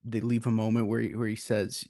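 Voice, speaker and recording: A man's voice: on the low side, monotone, a little fast, mellow, dry recording, studio quality. A man co-hosting a casual film review, making earnest points with rhetorical questions. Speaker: podcast co-host.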